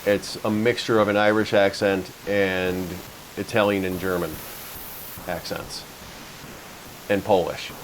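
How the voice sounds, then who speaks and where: A man hosting a podcast, telling stories in a relaxed, joking way and poking fun at himself. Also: deep voice, measured pace, long pauses, slight background noise, rough recording. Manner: chatty storyteller, jokes about himself. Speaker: podcast host. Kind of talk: casual chat.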